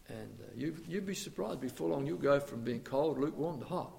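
High-voiced male preacher. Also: lively intonation, brisk, vocal fry, few pauses. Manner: rhetorical questions, swings between loud and hushed. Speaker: pastor. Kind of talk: sermon.

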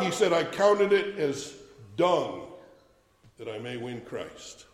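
A man preaching a sermon, emphatic and building to fervent shouts. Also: mid-range voice, big pitch swings, slow pace, roomy sound, in a large hall.

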